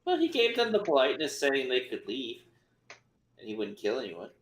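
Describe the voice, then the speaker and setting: A man's voice: mid-range voice, wildly swooping pitch, normal speed, roomy sound, slight background noise. A man playing in a tabletop game, asking questions and musing aloud. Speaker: player. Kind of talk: casual tabletop game chat.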